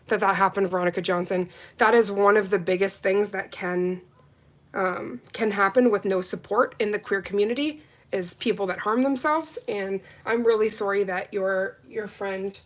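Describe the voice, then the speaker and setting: A woman hosting a live nail art stream, chatting casually with viewers and reading out their comments. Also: medium pitch. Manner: chatty, reads and answers viewer comments, excitable. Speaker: nail livestream host. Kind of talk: casual livestream chat with viewers.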